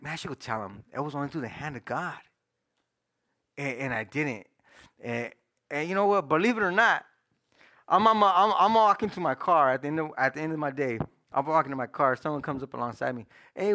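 A middle-aged man with a high-pitched voice preaches his personal testimony, telling it in a casual, slang-heavy way. His volume swings between loud and hushed as the story goes on.

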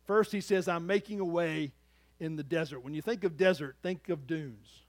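A man delivers a sermon in a high-pitched voice. His delivery swings from loud, emphatic lines to quiet, hushed asides. The sound is dry and close, with no room echo. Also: normal speed. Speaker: pastor.

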